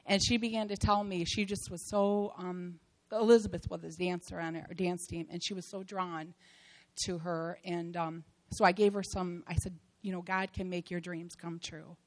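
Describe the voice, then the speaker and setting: Creaky-voiced woman giving a church testimony. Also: fairly low pitch, fairly even intonation, normal speed, poor audio. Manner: heartfelt, rambling with many fillers and restarts. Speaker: church member giving a mission trip testimony.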